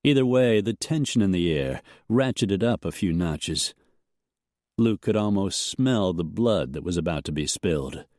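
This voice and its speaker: A man's voice: low-pitched, animated, unhurried, a little mellow, dry recording, studio quality. A man narrating a western audiobook in a storytelling manner.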